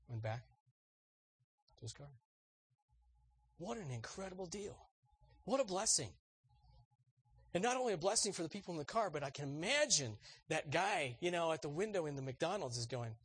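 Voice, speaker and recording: A man's voice: on the high side, moderate pace, long pauses, slightly rough, dry recording. A man preaching a sermon, telling an anecdote and acting out the voices in it. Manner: animated storyteller, acts out voices in anecdotes. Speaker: pastor. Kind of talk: sermon storytelling.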